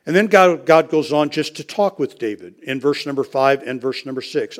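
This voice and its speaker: A man's voice: mid-range voice, animated, normal speed. A man preaching an expository sermon, speaking emphatically and repeating key phrases for stress.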